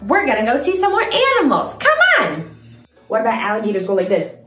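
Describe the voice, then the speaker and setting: A woman's voice: fairly high pitch, big pitch swings, racing. A young woman hosting a children's learning video in a sing-song, exaggerated, playful way. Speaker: children's educator host. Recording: echoey room with faint music.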